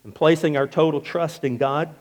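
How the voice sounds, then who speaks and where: With a steady tone and normal speed, a male pastor delivers an emphatic sermon, circling back on repeated phrases and letting key words fall soft and low.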